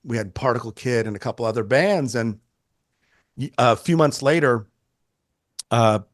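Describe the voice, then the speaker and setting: A man in his sixties talks through stories in a relaxed interview, chatty and animated, tripping over his own restarts and dropping the odd curse. His voice sits at an everyday pitch. The recording is close and dry, with no room sound at all. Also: moderate pace, no room sound. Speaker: photographer guest. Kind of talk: casual interview storytelling.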